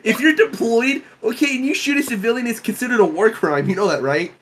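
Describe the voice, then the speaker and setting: A man's voice: very high voice, brisk, fairly bright tone. A young man in casual chat with friends, joking and provocative, laughing often.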